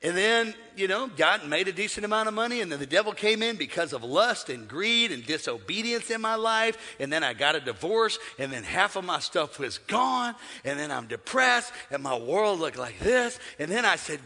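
A man preaching a sermon in a church, joking with the congregation and swinging between shouting and hushed asides. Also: high voice, big pitch swings, normal speed, few pauses, long reverb tail. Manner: humorous, conversational preaching. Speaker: pastor. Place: church sanctuary.

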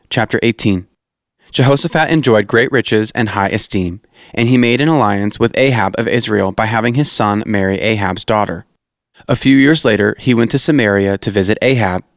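A man reading scripture aloud in a steady, measured narration. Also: fairly low pitch, dry recording, studio quality. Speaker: scripture reader.

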